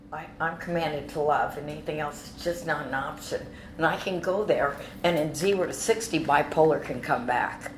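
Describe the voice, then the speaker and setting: Woman with a lowish voice telling her testimony, lots of restarts, roomy echo. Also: slight background noise. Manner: animated storytelling with frequent restarts and repeated words. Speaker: speaker giving a personal testimony. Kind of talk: personal testimony storytelling.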